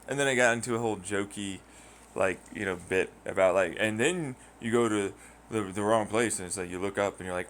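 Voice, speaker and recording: A man's voice: lowish voice, fairly quick, a bit bright, slight background noise. A man ranting casually and profanely, rambling through a story and acting out quoted voices in mocking tones. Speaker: podcast host. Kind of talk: casual rant.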